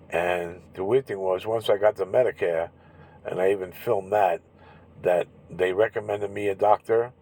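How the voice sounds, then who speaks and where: Low voiced guy venting, swears a lot, keeps clearing his throat, repeats himself. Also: a little hiss or hum, poor audio. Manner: profane, repetitive, storytelling with frequent throat clearing; bitter and indignant. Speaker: vlogger telling his own story. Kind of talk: angry personal account to camera.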